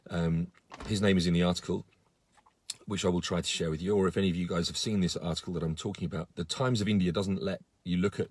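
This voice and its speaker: A man's voice: deep voice, fairly even intonation, fast, darkish tone, breathy edge, no room sound. A man giving a casual live-stream update to followers, earnest and indignant, with many fillers and restarts. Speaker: campaigner on a live video.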